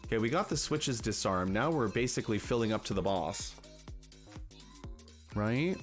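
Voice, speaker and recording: A man hosting a casual livestream, talking to viewers in an animated, chatty way and slipping into rants. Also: fairly low pitch, normal speed, soft background music. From Canada. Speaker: livestream host.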